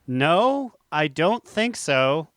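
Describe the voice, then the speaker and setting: A man's voice: fairly high pitch, big pitch swings, drawn-out words, a bit bright, no room sound. A man co-hosting a casual gaming podcast, telling stories in a laid-back, chatty way. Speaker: podcast co-host.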